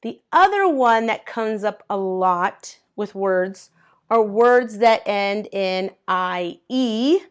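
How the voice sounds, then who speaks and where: A woman's voice: mid-range voice, animated, slow, smooth. A woman teaching an English grammar lesson to learners, patiently spelling out letters and clapping out syllables. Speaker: ESL teacher. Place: at a board, writing in colors.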